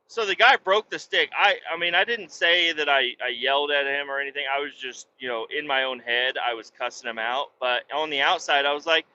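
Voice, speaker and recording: A man co-hosting a podcast, telling a work story in a profane, animated, casual way. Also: brisk, few pauses, dull audio, slight background noise. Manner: profane, animated, puts on a sweet high voice for quoted niceness. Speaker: podcast co-host.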